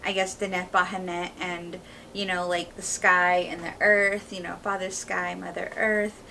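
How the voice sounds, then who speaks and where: A woman's voice: lowish voice, little pitch movement, a little slow, gravelly, sharp tone, recorded from a distance, a little hiss or hum, rough recording. A woman co-hosting a podcast, speaking candidly and firmly in casual conversation, with frequent fillers. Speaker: podcast co-host.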